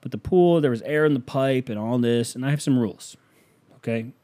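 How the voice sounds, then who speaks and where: A man from the United States hosting a podcast, ranting in a casual comic way, swearing and firing off rhetorical questions, swinging between loud outbursts and low mutters. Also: brisk. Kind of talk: casual comedic rant.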